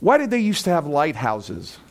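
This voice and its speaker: A male pastor preaching a sermon in an animated way, acting out the voices of friends and building to loud peaks. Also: on the high side, normal speed.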